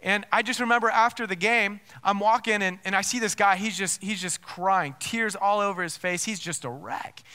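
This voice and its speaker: A pastor preaching with a notably high, bright voice. He drives his points home with rhetorical questions and stacks of restarted phrases. The delivery is emphatic throughout. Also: normal speed, few pauses, clear, resonant tone. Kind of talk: sermon.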